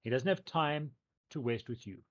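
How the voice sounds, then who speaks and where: A man voicing the mayor's rough, protective brother, a gruff townsman, on a dull lo-fi mic. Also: mid-range voice, lively intonation, moderate pace, voice pushed up, close to an everyday voice.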